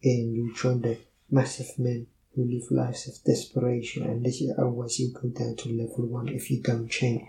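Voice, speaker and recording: Male speaker for a faith-based self-help talk: earnest, methodical, even and warm in tone. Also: medium pitch, creaky, a little hiss or hum, poor audio. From Somalia. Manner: earnest, explanatory, tells personal stories; measured, lists points in sequence. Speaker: motivational speaker.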